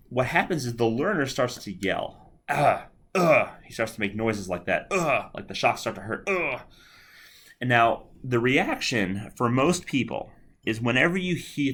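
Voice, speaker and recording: A man lectures on psychology in a recorded video, keeping things conversational, often saying things twice and pausing to ask "all right." His voice is medium-pitched and a bit bright.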